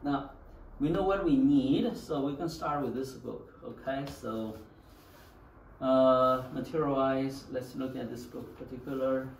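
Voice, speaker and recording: Gravelly man teaching a class. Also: medium pitch. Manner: loose, halting teaching talk with many "okay"s, drilling repeat-after-me. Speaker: Chinese language teacher. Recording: echoey classroom, distant mic, faint hiss.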